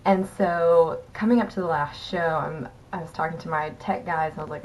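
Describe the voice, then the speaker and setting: Low-voiced chatty young woman. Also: fairly even intonation, a little fast, few pauses, a little hiss or hum, poor audio. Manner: chatty, laughs often, many fillers. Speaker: former theater company member. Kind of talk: casual storytelling.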